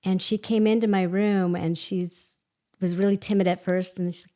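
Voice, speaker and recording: A woman guest telling a personal story in an animated way, laughing often and acting out quoted voices. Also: medium pitch, fairly quick. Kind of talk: conversational storytelling.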